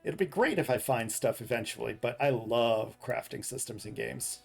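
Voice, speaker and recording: Gravelly-voiced man chatting on stream. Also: medium pitch, moderate pace, soft background music. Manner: rambling, self-correcting, chuckles at own jokes; reads dad jokes aloud. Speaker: game streamer. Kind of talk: casual live stream chat.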